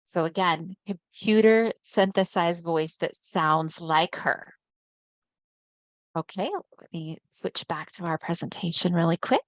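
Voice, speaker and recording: A woman's voice: on the low side, steady tone, unhurried, no echo. A woman giving a webinar presentation over a video call, speaking conversationally and often checking in with her listeners. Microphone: video call mic.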